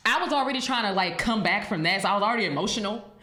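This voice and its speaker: A woman hosting a podcast in casual chat, telling stories in an animated way and laughing often. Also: medium pitch, racing, reverberant. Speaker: podcast host.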